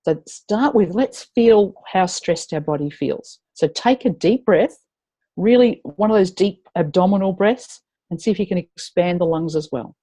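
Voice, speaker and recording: A woman's voice: lowish voice, normal speed, dark tone. A woman leading a live tapping webinar, chatty and encouraging as she guides her attendees.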